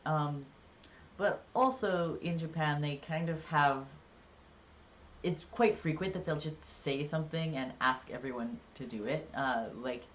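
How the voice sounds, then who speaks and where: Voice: mid-range voice, unhurried, fairly bright tone, a little hiss or hum. A live-streamer in casual chat, rambling and jokey, with lots of filler words. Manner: rambling and chatty, many "like"s and "um"s. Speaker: livestreamer.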